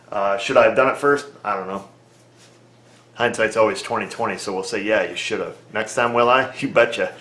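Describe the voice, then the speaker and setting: A man's voice: fairly low pitch, fairly bright tone. A man, an auto repair mechanic, talking casually to the camera in a plainspoken, folksy way as he reasons aloud. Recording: echoey room.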